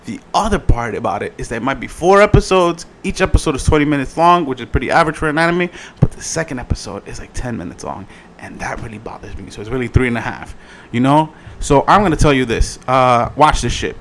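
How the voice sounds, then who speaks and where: A man giving a casual review in his vlog, swearing freely in an animated, slangy way. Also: medium pitch, fast talker, slight background noise. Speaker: video reviewer.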